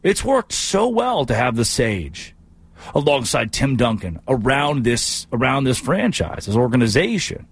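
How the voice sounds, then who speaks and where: A husky-voiced man hosting a sports talk show, riffing through an animated, joking monologue. His pitch jumps around as he makes his points. The sound is dry and close, with no room in it. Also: a little slow, no room sound. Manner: animated, jokey, puts on silly voices. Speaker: sports radio host.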